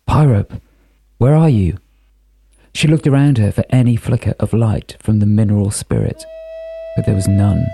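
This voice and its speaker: A man narrating an audiobook in a measured, unhurried storytelling manner. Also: fairly low pitch, vocal fry, warm tone, a little hiss or hum. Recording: narration over music.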